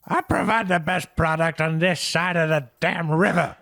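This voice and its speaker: A man's voice: fairly high pitch, steady tone, normal speed, vocal fry, fairly bright tone, dry recording, clean studio sound, pitched above the performer's own voice. A man voicing a paranoid male tavern brewer who screams and rants about a rival. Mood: ranting. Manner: screaming, ranting, frantic.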